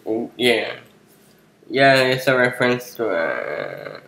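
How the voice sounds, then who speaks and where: A man's voice: fairly low pitch, wildly swooping pitch, slow, vocal fry, fairly bright tone. A man giving casual, joking commentary over a game, mumbling with many fillers. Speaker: let's play host. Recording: echoey room, faint music behind.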